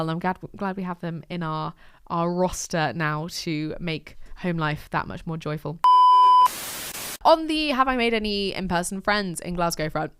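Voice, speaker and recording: A young woman in her twenties talks through her week in a casual diary podcast. Her voice sits on the low side and sounds smooth and clear. The delivery is chatty and self-deprecating, with laughs and the odd swear word, recorded close and dry. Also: fairly bright tone, no room sound. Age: 20s. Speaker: podcast host. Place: lives in Glasgow.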